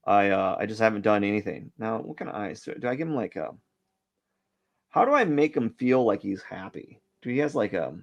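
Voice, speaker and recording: A man's voice: lowish voice, sing-song, brisk, muffled recording. A man hosting a drawing live stream who thinks aloud as he sketches. He rambles, questions himself and plays down his own work. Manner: rambling, hesitant, self-questioning; self-deprecating about his work. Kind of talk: casual thinking-aloud commentary while sketching.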